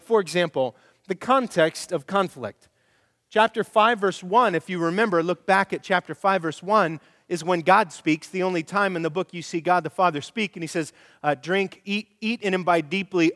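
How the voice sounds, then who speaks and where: A middle-aged male pastor preaching a sermon, animated and storytelling, acting out quoted voices. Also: high-pitched, big-room sound.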